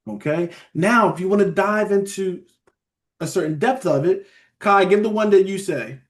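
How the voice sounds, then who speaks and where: A man leads a relaxed Bible lesson online. His voice sits a bit high for a man, and his phrasing is loose and full of restarts. He keeps pausing to check that his listeners are following. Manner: conversational, keeps checking in with listeners with "all right?" and "beloved". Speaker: Bible study teacher. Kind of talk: casual online Bible teaching.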